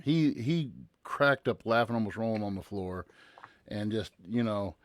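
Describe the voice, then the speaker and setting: A man who is a teacher, hosting a casual podcast in an easygoing, halting way. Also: on the low side, animated, dry recording. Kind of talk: casual chat.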